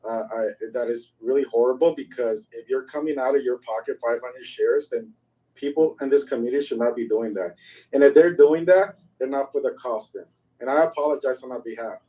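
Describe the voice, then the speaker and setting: A man's voice: mid-range voice, a little fast, mellow, far from the mic, poor audio. A man in an online voice chat, speaking earnestly and apologizing. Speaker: Twitter space participant. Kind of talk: group voice chat.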